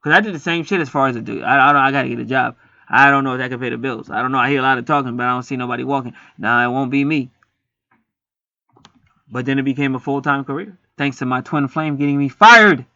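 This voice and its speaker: A man's voice: medium pitch, quick pace, creaky, sharp tone, dry recording. A man reading an astrology chart aloud in a rambling, profane, joking monologue. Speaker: astrology reader. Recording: slightly muffled lo-fi recording.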